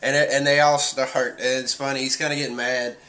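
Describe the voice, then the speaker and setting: A man's voice: medium pitch, level tone, brisk, sharp tone. A man casually reviewing a manga chapter, rambling through the story with many fillers and acting out quotes.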